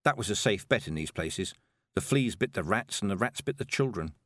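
Expressive male audiobook narrator. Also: fairly low pitch, brisk, dry recording, clean studio sound. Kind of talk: scripted narration.

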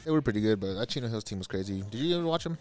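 A young man talking in quick, excitable bursts full of slang on a podcast. His voice sits on the low side and races along. Faint music plays underneath. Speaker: podcast co-host. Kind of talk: casual podcast chat.

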